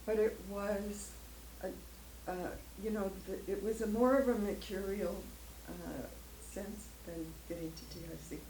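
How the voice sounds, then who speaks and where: A woman's voice: mid-range voice, steady tone, measured pace, warm tone. An older woman giving an emotional personal testimony as a guest speaker at a church, rambling a little and laughing often. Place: church hall. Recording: echoey room, faint noise.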